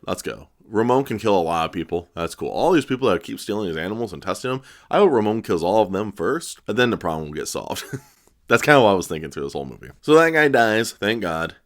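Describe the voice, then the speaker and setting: A young man reviewing a movie in a casual, rambling way, laughing as he talks. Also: on the low side.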